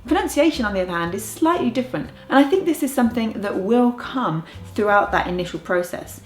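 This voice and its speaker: A young woman with an English accent speaks straight to camera as a language coach, lively and playful with dry jokes. Her voice sits a little high. The room is echoey, with faint music underneath. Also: a little fast. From United Kingdom. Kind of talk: casual talking-to-camera vlog.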